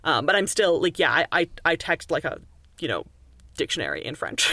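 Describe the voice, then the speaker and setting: A woman's voice: sits low, big pitch swings, a little fast, creaky, bright, forceful tone, dry recording, clean studio sound. Chatty explaining woman from Canada. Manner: chatty and explanatory, with frequent fillers and restarts. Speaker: author and linguist guest. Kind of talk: casual podcast interview.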